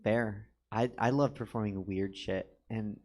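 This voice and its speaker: A man's voice: lowish voice, steady tone, crowd noise. A man hosting a casual studio interview as a drag performer, joking and teasing his guest. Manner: joking, teasing, quick asides. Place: studio in a comedy theater.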